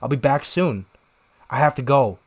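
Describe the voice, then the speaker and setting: A young man co-hosting a podcast, telling a rambling story in casual chat and shouting out the lines he quotes. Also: mid-range voice, animated, moderate pace, husky. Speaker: podcast co-host.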